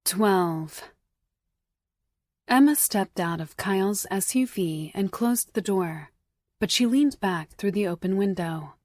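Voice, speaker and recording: A woman narrating a romance audiobook in a soft, intimate way, often close to a whisper. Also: mid-range voice, expressive, slow, dry recording. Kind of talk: scripted narration.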